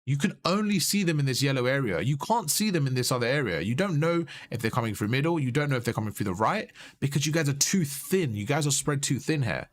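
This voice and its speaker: A man's voice: medium pitch, lively intonation, fast talker, few pauses. A man coaching a player as he reviews gameplay, explaining things step by step and often asking "you see?". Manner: instructive, repeats points with "you see?". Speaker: game coach. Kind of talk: coaching commentary over gameplay.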